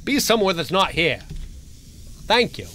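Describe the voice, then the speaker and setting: A man's voice: high-pitched, sing-song, moderate pace, slight background noise. Goofy man taunting a game monster. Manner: sudden yells and laughs. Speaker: gaming channel host. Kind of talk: let's play commentary.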